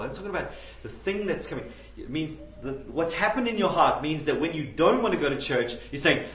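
A man preaching a camp sermon, swinging from hushed, pleading passages to loud, impassioned ones. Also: fairly high pitch, sing-song, fast, few pauses, slight background noise. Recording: echoey room, mic at a distance.

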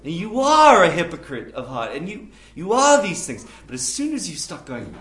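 A man preaching a camp sermon, swinging from hushed, pleading passages to loud, impassioned ones. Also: high voice, huge pitch swings, moderate pace. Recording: echoey room, mic at a distance.

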